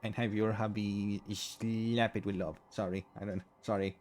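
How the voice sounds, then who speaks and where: A man with a fairly low voice hosts a late-night game stream, rambling to chat and giggling through his apologies. He sounds tired and drained, yet keeps the talk going. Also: little pitch movement, a little slow, darkish tone. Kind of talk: casual live-stream chat.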